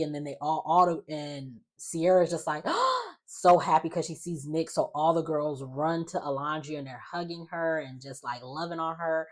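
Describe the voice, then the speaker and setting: A young woman recapping a reality show in a casual, rambling way, full of fillers and quoted asides. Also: low-pitched.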